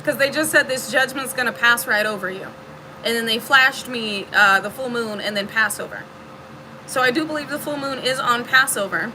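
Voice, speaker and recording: A woman's voice: a little high, moderate pace, noisy background. A woman giving a casual spiritual reading to her viewers, emphatic and preachy, swearing freely. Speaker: spiritual reader.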